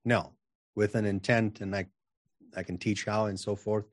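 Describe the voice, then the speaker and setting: Here a channeling coach appears as a podcast guest in a relaxed interview, his fairly low voice delivered flatly at a moderate pace. He's assured and forceful, tending to repeat words as he begins sentences. The recording is dry.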